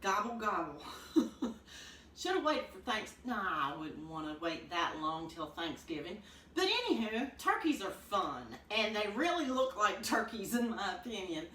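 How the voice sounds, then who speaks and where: Lively woman teaching clog steps. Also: mid-range voice, moderate pace, far from the mic. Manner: upbeat, counts beats aloud while stomping. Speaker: clogging dance teacher. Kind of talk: demonstrating a dance lesson. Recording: roomy, from off the mic, noisy.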